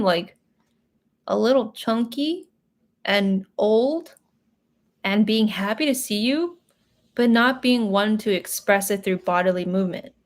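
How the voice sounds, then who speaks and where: A woman's voice: medium pitch, a little slow, pauses often. Chatty, emotional young woman reader. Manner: chatty and emotional, many fillers. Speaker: tarot and psychic reader. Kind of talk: live reading, casual chat.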